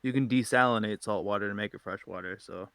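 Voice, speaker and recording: A man's voice: lowish voice, fast, fairly bright tone, smooth, dry recording. Player guy in a tabletop game, sure of himself, dry mic. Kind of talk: casual tabletop game chat.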